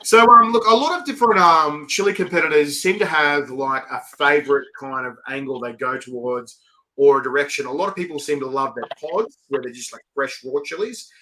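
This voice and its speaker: A man's voice: fairly high pitch, a little fast, bright, forceful tone. A man with an Australian accent hosting a casual live-stream interview, chatty and slangy, laughing often. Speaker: host.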